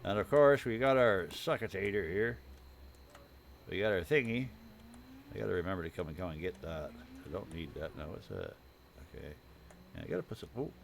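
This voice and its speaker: Against slight background noise, a man with a medium-pitched, fairly bright voice streams a game live. He rambles in a chatty way about his farm build, saying hello to viewers as he shows it off, his throat dry and irritated.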